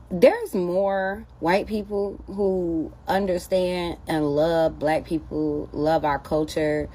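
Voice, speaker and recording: A woman's voice: lowish voice, a little mellow, husky. A woman giving sassy, teasing commentary straight to camera, calling her listeners baby. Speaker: social media commentator.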